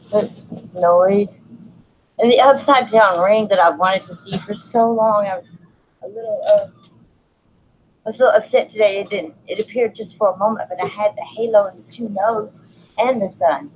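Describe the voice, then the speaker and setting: A woman filming her own vlog outdoors while walking her dog, full of awe, calling out in wonder and dropping into hushed whispers. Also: medium pitch, moderate pace, long pauses, a little hiss or hum, poor audio. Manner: awed, exclaiming, drops to hushed whispers. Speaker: sky-watching vlogger. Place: outdoors under open sky, walking a dog.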